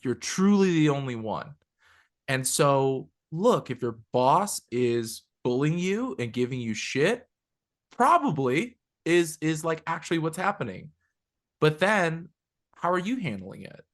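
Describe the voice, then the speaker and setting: A man co-hosting a podcast, talking in an animated, emphatic way with casual swearing. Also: on the high side, a little slow. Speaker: podcast co-host. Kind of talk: conversational talk.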